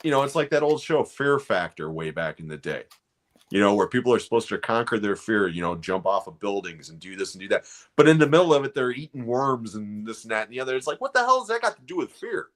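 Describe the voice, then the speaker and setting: A man with a very low voice chatting casually on a livestream. He rambles on with opinions, peppering his talk with "you know". He sounds relaxed and unhurried. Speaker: livestream co-host. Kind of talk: casual chat.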